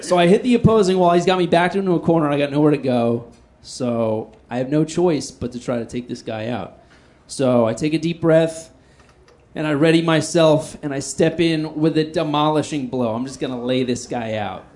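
A man performing stand-up, telling a story in a self-deprecating, animated way and swinging between loud outbursts and hushed asides. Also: fairly high pitch, moderate pace. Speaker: stand-up comedian.

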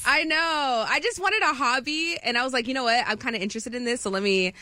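A woman's voice: high-pitched, quick pace, pushed and bright, no echo. A woman on a morning radio show, giggling and chatting about her new hobby. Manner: giggly, bubbly storytelling. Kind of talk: casual morning radio banter.

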